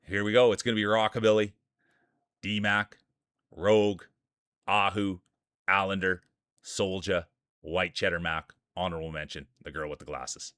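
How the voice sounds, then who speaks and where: Hyped and energetic, this Canadian man from Saskatchewan calls marble races on a live stream, bantering like an announcer with his chat. His low voice keeps a normal speed but includes long pauses, and the studio-quality recording has no room sound.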